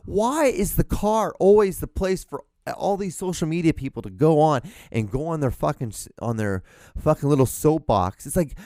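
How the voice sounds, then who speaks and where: A young man hosting a podcast, ranting alone in a small room, swearing constantly and mocking people with quick put-on voices. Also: a little high, lively intonation, a little mellow, no echo. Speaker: podcast host. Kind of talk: profane ranting monologue.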